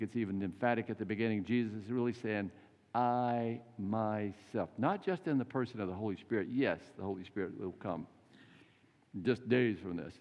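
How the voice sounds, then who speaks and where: Older man, preacher, folksy animated sermon, long church reverb, dull lo-fi recording. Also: medium pitch. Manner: folksy, animated storytelling with acted quotes. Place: church sanctuary.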